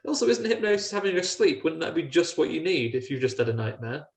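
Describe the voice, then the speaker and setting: A man's voice: a little high, big pitch swings, fast, vocal fry. Man rambling in a roomy echo. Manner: rambling, retelling film scenes in put-on voices. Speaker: podcast co-host. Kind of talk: casual chat.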